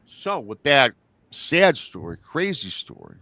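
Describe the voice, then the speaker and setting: Very animated but slow, this medium-pitched man has a pushed, bright sound with no echo. On his live show he retells a listener's story casually and ramblingly, repeating himself and acting out the quoted lines.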